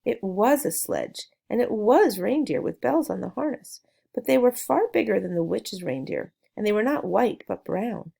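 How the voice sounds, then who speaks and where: A woman reading a children's novel aloud, telling the story gently with small asides to the listener. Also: medium pitch, animated, normal speed, gravelly, breathy edge. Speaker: narrator.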